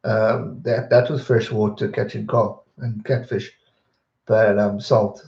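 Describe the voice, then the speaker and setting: A young man, chatting casually on a live stream and answering viewer questions in a rambling, relaxed way. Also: lowish voice, takes it slowly, vocal fry. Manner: relaxed, rambling, repeats words when distracted. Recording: dull roomy home stream audio.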